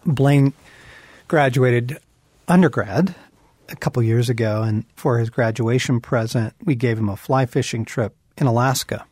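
A middle-aged man co-hosting a Christian podcast, talking earnestly and swinging from quiet musing to emphatic bursts. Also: mid-range voice, a little slow, dry recording. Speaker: podcast co-host.

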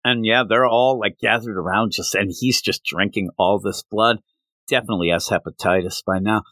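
On a podcast he co-hosts, a man chats casually and animatedly while recapping scenes from a manga chapter. His voice sits on the low side, moderately paced and sharp in tone, in a dry recording.

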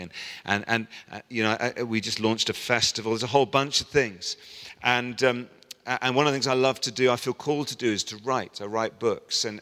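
Male pastor, middle-aged, sermon, storytelling, bright voice, long hall reverb. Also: on the low side, clear, resonant tone. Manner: storytelling, animated voicing of quoted people.

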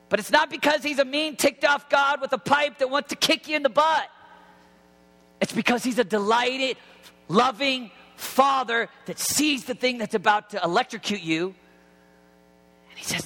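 A man in his thirties preaching an impassioned sermon to teenagers as a youth pastor, often shouting. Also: very high-pitched, moderate pace, vocal fry. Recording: long hall reverb.

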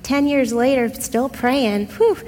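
A middle-aged woman telling a personal testimony in a casual, expressive way, speaking straight to her listeners. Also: sits high, slow. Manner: conversational, expressive, addresses listeners directly. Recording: long hall reverb.

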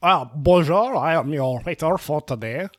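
A performer voicing a snooty male café waiter with a fake French accent in an improvised comedy sketch, pitched well below their own voice. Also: animated, moderate pace, no echo, studio quality, natural voice. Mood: haughty. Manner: pompous, officious.

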